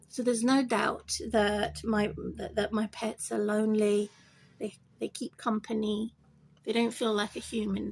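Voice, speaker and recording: With vocal fry and a darkish tone, a pet owner vlogger rambles to camera about her bird while slight background noise runs underneath. She says things more than once and speaks straight to the bird in a high sing-song.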